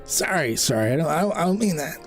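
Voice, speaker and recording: A man doing a stammering, high-voiced twitchy alley cat. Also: sing-song, fast talker, soft background music. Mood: flustered. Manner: stammering, blurting curses. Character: twitchy swearing male alley cat, jittery.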